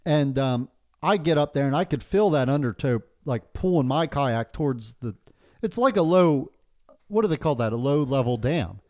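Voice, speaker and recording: This podcast host from Pennsylvania has a medium-pitched, slightly mellow, expressive voice and talks at a normal speed. Chatting casually, he tells a story full of swearing and laughter.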